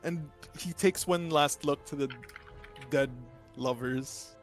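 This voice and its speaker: A man's voice: a little high, takes it slowly, soft background music. A man playing a tabletop game, hesitant and searching for words. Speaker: player.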